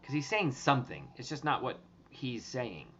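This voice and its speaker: A man talking casually to his viewers, rambling and excitable, swearing and restarting his sentences often. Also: medium pitch, moderate pace, dull audio. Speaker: treasure hunt vlogger.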